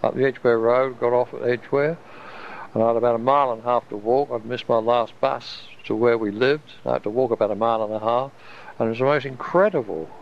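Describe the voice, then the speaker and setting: A man recounts an experience in a rambling, wondering way, breaking off and restarting his sentences. His voice is gravelly and mid-pitched. The recording is dull and lo-fi. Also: fairly even intonation, a little fast, a little hiss or hum. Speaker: storyteller recalling an experience. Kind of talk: casual personal storytelling.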